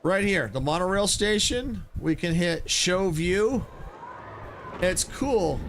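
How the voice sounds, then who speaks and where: A man giving casual, excitable commentary while playing a video game, exclaiming and laughing often. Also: high-pitched, measured pace, creaky, a little hiss or hum. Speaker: gaming streamer.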